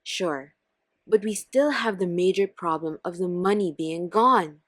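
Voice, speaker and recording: A woman voicing a betrayed husband in a scripted text-story reading, firm and measured. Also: on the low side, dry recording, clean studio sound. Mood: stern. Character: stern, betrayed husband and father.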